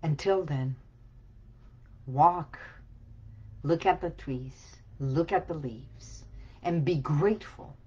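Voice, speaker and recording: A woman wellness coach giving a slow, soothing motivational talk, sometimes dropping into soft whispered affirmations. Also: low-pitched, breathy edge, muffled recording.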